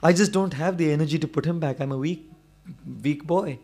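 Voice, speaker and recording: A man's voice: a little high, fairly quick, a little mellow, close to an everyday voice. A man acting out a weak ten-year-old boy who explains himself in an earnest, pleading way.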